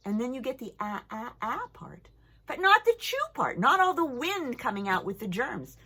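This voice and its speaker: Casting: older female teacher, bright lively voice, playful children's phonics lesson. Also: medium pitch, husky. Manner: playful, drawn-out demonstrations.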